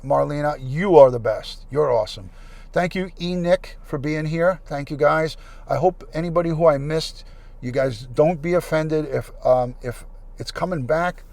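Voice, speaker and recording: A man's voice: mid-range voice, gravelly, darkish tone. A man hosting a casual livestream, chatting and thanking viewers by name into a plug-in mic. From United States. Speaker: livestream host.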